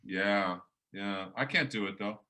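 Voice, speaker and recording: A man's voice: on the low side, measured pace, sharp tone. A man hosting a workshop as a professor, chatting casually with many restarts and fillers.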